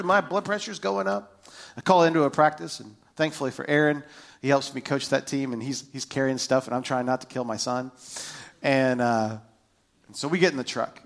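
A middle-aged man, a pastor, preaching a sermon and telling a family story, swinging between hushed and loud. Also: medium pitch.

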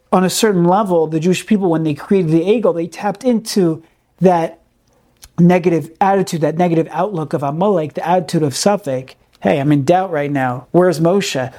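A man's voice: sits high, warm tone. A man teaching a recorded Torah class in an earnest, emphatic way, repeating key words for stress and peppering his speech with Hebrew terms.

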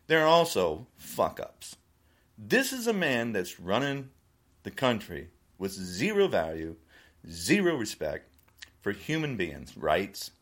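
A man's voice: mid-range voice, fairly bright tone. A man giving an indignant opinion monologue, laughing between his points.

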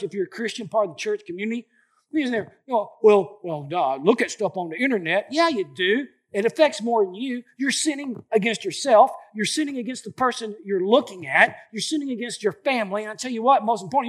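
Guy in his late 40s preaching, high voice, super animated and chatty, keeps repeating stuff for emphasis. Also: brisk. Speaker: pastor. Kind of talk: sermon.

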